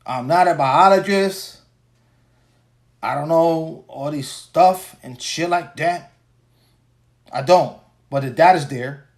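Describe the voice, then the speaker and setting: A man in his forties hosting a solo podcast, ranting casually with crude, profane and rambling talk, tired after a long workday. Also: medium pitch. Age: 40s. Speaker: podcast host.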